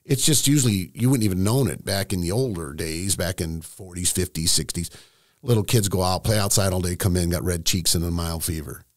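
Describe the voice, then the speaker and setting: A middle-aged man tells a personal story candidly and emotionally, with halting restarts. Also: low voice, no room sound, studio quality. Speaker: estate planning seminar host, guest.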